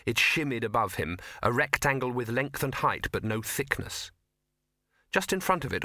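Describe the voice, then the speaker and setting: Bright-voiced male audiobook narrator. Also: medium pitch, no echo, studio quality. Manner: measured storytelling. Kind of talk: scripted narration.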